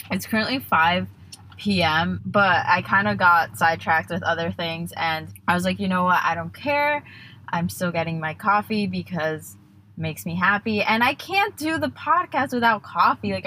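A woman's voice: medium pitch, bright, forceful tone, a little hiss or hum. A young woman hosting her own podcast in casual solo chat, bubbly and rambling, often breaking off mid-thought. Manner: bubbly, rambling, self-interrupting. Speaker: podcast host.

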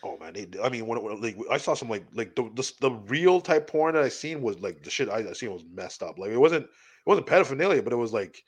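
A man with a lively, swinging voice tells long, rambling crude stories. He swears freely and acts out what people said. The sound is dry and close. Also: medium pitch, quick pace, breathy edge, dry recording. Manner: rambling storyteller, swears a lot, acts out quotes. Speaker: podcast co-host. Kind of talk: crude casual chat.

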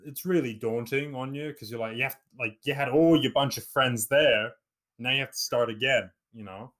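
A man's voice: medium pitch, normal speed, a bit bright. A man in his twenties from England, raised in New Zealand, chatting casually as a podcast host over a remote call with many fillers. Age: 20s. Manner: rambling, lots of fillers and restarts. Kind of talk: casual chat.

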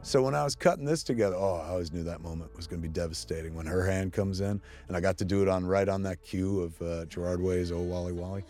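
A man talking through his own film in casual commentary, excitable and swearing often, restarting his sentences as he goes. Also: sits low, fast talker, few pauses, faint music behind. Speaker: filmmaker giving audio commentary.

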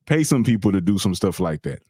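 A middle-aged man hosting a podcast, telling a personal story in an earnest, animated, slangy way. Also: deep voice, brisk, slightly rough, no echo, studio quality. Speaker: podcast host. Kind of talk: casual storytelling chat.

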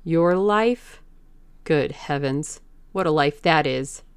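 A woman voicing a stern, disgusted Victorian gentleman who speaks coldly and scornfully in a slow, gravelly voice. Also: low-pitched, dry recording. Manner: cold, scornful.

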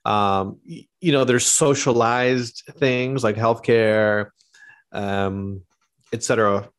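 A Canadian man, a pastor and theologian, talking thoughtfully as an interview guest, with many pauses and ums, over a video call. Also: medium pitch, fairly even intonation. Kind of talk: conversational interview.

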